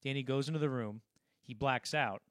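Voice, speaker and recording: A man's voice: medium pitch, normal speed, no room sound. Young man rambling on a podcast, dry sound. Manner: rambling, animated retelling with many restarts. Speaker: podcast co-host. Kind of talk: casual film-discussion podcast.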